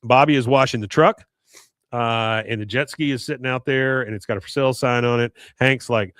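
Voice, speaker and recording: A man's voice: medium pitch, steady tone, a little fast, fairly bright tone, no echo, studio quality. A man co-hosting a podcast, casually retelling a TV episode and acting out the characters' lines as he goes. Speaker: podcast co-host.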